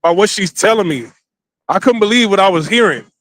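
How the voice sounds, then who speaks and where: A man's voice: sits high, expressive, fairly quick, fairly bright tone. A man vlogging a casual, rambling story, crude and repetitive as he talks.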